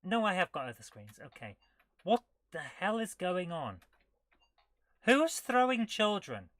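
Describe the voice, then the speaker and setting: A woman's voice: on the low side, very animated, moderate pace, no echo. A woman streaming retro games, thinking aloud as she plays and reacting with amused disbelief. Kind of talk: casual live gameplay commentary.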